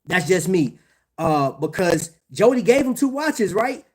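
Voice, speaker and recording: A man's voice: high voice, very animated, measured pace, a little mellow, slightly rough. A man hosting a casual livestream about watches, talking in slang, laughing often and addressing his chat. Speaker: watch channel host.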